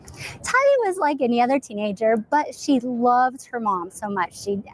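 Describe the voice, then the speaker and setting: A woman in her forties answers a reporter's questions on the street. She speaks softly and hesitantly, with plenty of ums, in a voice pitched a touch high, and there is a faint hum of noise around her. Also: sing-song, normal speed. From Arizona, US. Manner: soft, hesitant, with frequent ums. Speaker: interviewed trial spectator. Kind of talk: street interview.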